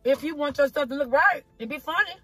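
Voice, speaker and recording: High-pitched, fast, and a bit bright, a woman's voice carries over soft background music as she eats on camera. Her casual mukbang vlog is shot on her phone outdoors in a parking spot. She chats folksily, calling her viewers "y'all" and "child" again and again.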